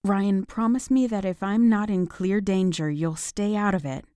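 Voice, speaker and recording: A woman's voice: mid-range voice, moderate pace, dark tone, clean tone, dry recording, clean studio sound, close to an everyday voice. A woman voicing an earnest young heroine. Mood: firm. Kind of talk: audiobook dialogue.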